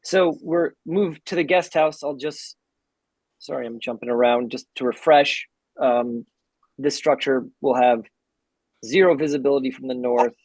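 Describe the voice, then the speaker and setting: A man presenting building designs to a town commission, earnest and halting, with many restarts. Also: medium pitch, darkish tone, dry recording, low-quality recording. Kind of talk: public meeting presentation.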